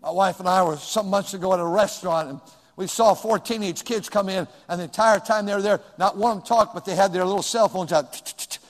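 Male pastor, high-pitched, sermon, shouts then hushes, long reverb. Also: brisk. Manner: lively preaching, swings from shouting to hushed.

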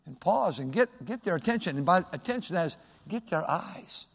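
A man preaching a sermon as pastor, swinging from loud, shouted emphasis to soft, hushed speech. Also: high-pitched, sing-song, a little fast, creaky, slightly rough. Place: large church sanctuary. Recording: long hall reverb.

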